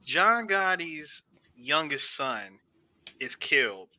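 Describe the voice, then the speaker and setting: A man hosting a podcast, animated, slowing down to retell a scene dramatically. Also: a little high, background noise. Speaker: podcast host. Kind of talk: casual chat.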